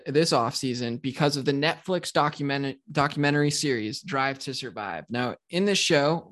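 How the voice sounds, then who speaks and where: A man co-hosting a podcast, telling a sports story in an animated, ranting way. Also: medium pitch. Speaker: podcast co-host. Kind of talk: casual podcast chat.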